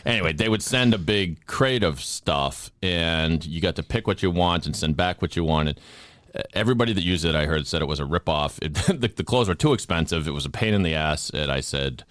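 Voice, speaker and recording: Rambling fifty-something man host, very deep. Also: expressive, brisk, fairly bright tone, no room sound, clean studio sound. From Boston area. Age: 50s. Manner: rambling, self-deprecating, jokey with restarts. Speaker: podcast host. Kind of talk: casual interview chat.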